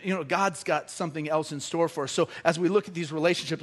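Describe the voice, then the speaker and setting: A middle-aged man preaching a sermon, animated and joking with the congregation. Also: a little high, quick pace. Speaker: pastor.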